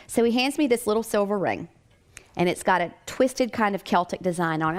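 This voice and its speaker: An American woman, a chiropractic doctor, telling a personal story in a lively way with frequent laughter. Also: lowish voice, a little fast.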